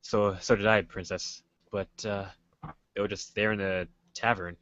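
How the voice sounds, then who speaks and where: A man's voice: fairly low pitch, level tone, normal speed, fairly bright tone, highs cut off. A male player role-playing a guard lieutenant, hesitant and unsure, in a tabletop game. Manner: hesitant, uncertain.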